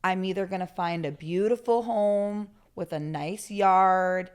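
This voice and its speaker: A woman guest on a podcast, a therapist, telling stories in a candid, animated way and swearing freely. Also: medium pitch, a little slow, smooth. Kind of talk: casual conversational interview.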